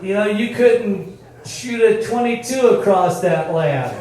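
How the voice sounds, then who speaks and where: A man's voice: high voice, lively intonation, takes it slowly, background noise. An older man, a former football coach, giving a folksy, storytelling speech at a team reunion. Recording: very echoey, from far off.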